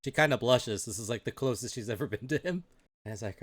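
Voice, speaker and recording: A man's voice: mid-range voice, fast talker. Casual man running a tabletop game. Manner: casual, lots of fillers and laughter. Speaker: game master. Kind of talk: improvised tabletop game narration.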